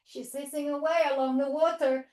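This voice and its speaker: High-pitched lady leading kids yoga, playful singsong cues and woofs, echoey room. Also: fairly even intonation, a little fast, a little mellow. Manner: playful sing-song cues with barking and animal noises; encouraging step-by-step instruction. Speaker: children's yoga teacher. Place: yoga studio or hall.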